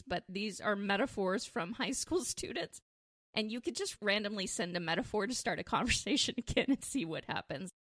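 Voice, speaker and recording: A woman hosts a dating advice show in a loose, chatty monologue. She laughs often at her own jokes and keeps a playful, amused tone. Her voice sits at an ordinary pitch in a dry, close recording. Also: fairly bright tone, no room sound. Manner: giggly, laughs often while talking; playful, self-amused humor. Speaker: dating advice podcast host.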